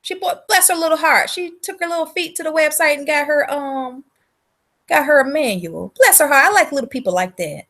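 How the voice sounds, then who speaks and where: A high, bright-voiced woman with a drawl talks into her livestream in a loose, chatty way. She's blunt and profane, calling out viewers by name as she goes. Her tone stays sharp and forward throughout. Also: animated, fairly quick. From South Carolina. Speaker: livestream host selling womb-care products. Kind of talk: casual livestream chat.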